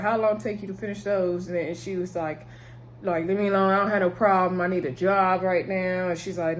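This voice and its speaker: Vlogger, woman, casual recap to camera, animated, frequent laughs, lots of fillers. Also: slight background noise. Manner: animated, high-pitched exclamations. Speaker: TV episode reviewer. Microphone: talking to camera.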